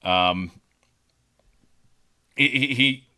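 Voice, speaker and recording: A man co-hosting a podcast, pitching a story casually with lots of fillers and repeated words. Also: drawn-out words, pushed and bright. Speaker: podcast co-host.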